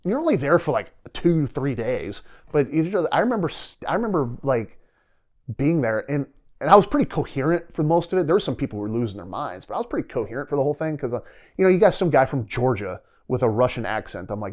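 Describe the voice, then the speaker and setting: A man's voice: medium pitch, animated, fast, a little mellow. Middle-aged man telling stories, rambling. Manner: rambling, vivid retelling with quoted inner dialogue. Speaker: podcast guest, retired soldier. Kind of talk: casual storytelling interview.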